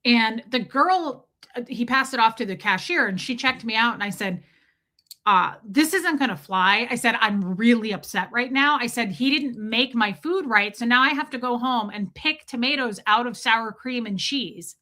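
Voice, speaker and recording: Bright, animated woman telling a rant. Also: a little high, moderate pace. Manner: animated, acts out quoted voices, swears when worked up. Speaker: vlogger. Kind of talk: casual storytelling rant.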